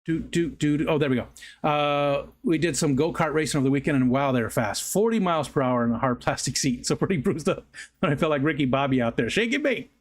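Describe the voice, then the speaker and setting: A middle-aged man with a fairly high voice talks fast while hosting a livestream. He tells rambling stories in a casual, chatty way, often correcting himself and laughing.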